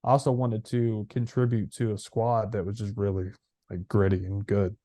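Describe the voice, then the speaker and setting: A man in his thirties, a former player co-hosting a podcast, telling stories in an animated way with many fillers. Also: fairly low pitch, normal speed, no room sound. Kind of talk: casual chat.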